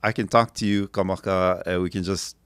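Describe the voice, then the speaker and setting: A man's voice: low voice, fairly even intonation, fairly quick, fairly bright tone, clean tone, no echo. A middle-aged man from Kaua'i, talking as a podcast guest in an emphatic, opinionated way. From Kaua'i, Hawaii. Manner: emphatic, opinionated, acts out quotes. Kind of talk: casual interview chat.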